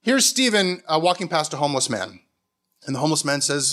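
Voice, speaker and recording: A Canadian man giving a mock-academic comic talk in a sardonic, animated way. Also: fairly high pitch, brisk. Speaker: comedic lecturer. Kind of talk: stand-up style comic talk.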